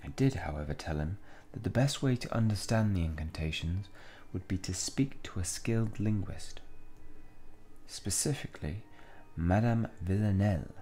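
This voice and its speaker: A man voicing a quiet, courteous old male wandmaker in a game, speaking in a measured way. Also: low voice, a little hiss or hum, close to an everyday voice.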